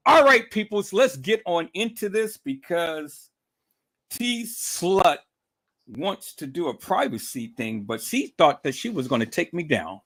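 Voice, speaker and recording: A man's voice: fairly high pitch, big pitch swings, a little slow, a bit bright. A man hosting a livestream, taunting and repetitive as he calls out a rival and greets viewers in chat. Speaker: livestream host.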